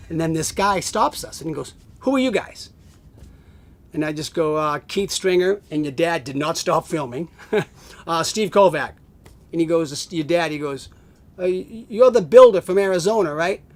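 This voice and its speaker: Middle-aged guy spinning a yarn on a home camcorder, kinda high voice, animated, does everyone's lines. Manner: animated, acts out quoted voices, laughs often. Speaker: family friend telling stories. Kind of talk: casual storytelling to camera. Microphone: home video camera.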